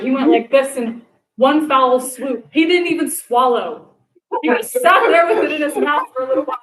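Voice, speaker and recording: A woman's voice: high voice, a little hiss or hum. A young woman performing a stand-up comedy set, telling stories and acting out the lines she quotes. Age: young adult. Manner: animated storytelling, acts out quotes. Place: live comedy show stage. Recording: echoey live venue.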